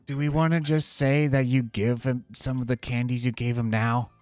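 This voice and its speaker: A man narrating as game master of a tabletop game, easygoing and halting with fillers. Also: medium pitch, level tone, darkish tone, clear, resonant tone, no echo, faint music behind.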